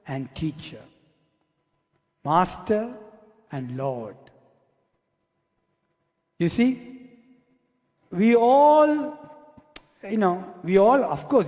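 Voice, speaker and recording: A man's voice: fairly high pitch, a little mellow. A male pastor preaching a sermon who repeats key words again and again for emphasis. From Asia. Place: church hall. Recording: long church hall reverb.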